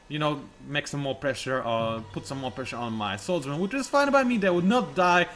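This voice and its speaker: Brief: male game commentator, lively and bright, sarcastic and rambling. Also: medium pitch. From Poland. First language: Polish. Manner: rambling, wry and sarcastic, with frequent "whatever". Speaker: let's play commentator. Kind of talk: casual gameplay commentary.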